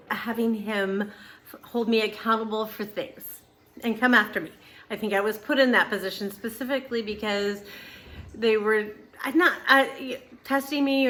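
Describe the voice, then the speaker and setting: A middle-aged woman with a fairly high, bright voice recounts a personal experience in casual, unscripted talk. She rambles, doubles back on herself and fills pauses with ums. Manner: rambling, with many restarts and fillers. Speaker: channel host.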